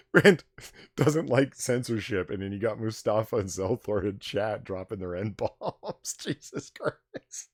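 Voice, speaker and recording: Brief: male stream host, low voice, big swings in pitch, dry close mic, blunt and animated. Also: takes it slowly, breathy edge, no room sound. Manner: animated, swearing, reading viewer tips aloud. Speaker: livestream bar host. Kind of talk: casual late-night stream chat.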